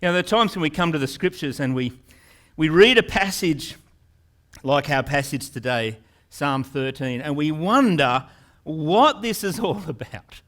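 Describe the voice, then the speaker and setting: A male pastor preaching a sermon in an earnest manner, repeating words and rising into loud, pleading questions. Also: a little high, lively intonation, unhurried.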